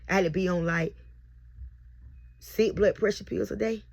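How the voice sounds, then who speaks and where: A woman's voice: medium pitch, fairly even intonation, moderate pace, creaky, darkish tone, breathy edge. A young mother recording herself on camera as she tells a heartfelt, repetitive birth testimony. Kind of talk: emotional personal testimony. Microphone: self-recorded on camera.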